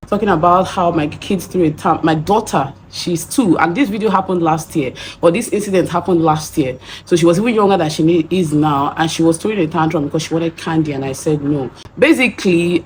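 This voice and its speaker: A woman's voice: fairly low pitch, fast talker, darkish tone, a little hiss or hum. A young Nigerian woman with a Nigerian accent, telling a story in a chatty vlog and acting out the voices she quotes. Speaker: vlogger.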